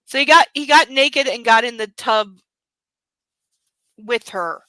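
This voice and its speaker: A woman reads a novel aloud and cuts in with wry, exasperated commentary. Her voice is fairly high and very bright. It sounds dry and close to the mic. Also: slow, no room sound, low-quality recording. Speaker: host reading a book aloud.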